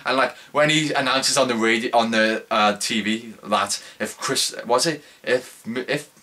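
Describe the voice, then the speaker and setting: A man's voice: medium pitch, a little slow, sharp tone. A young man giving a casual spoken movie review, rambling, with lots of filler words and restarts.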